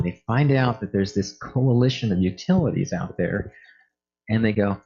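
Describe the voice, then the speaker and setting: A man's voice: lowish voice, moderate pace, mellow, muffled recording. A man giving a conference talk on energy efficiency as a product manager, speaking conversationally and acting out short quoted phone calls.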